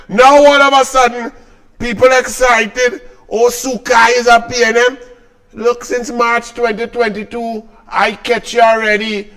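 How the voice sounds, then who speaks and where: A man's voice: high-pitched, fairly bright tone. A man with a Trinidadian accent delivering a scornful, combative political commentary rant.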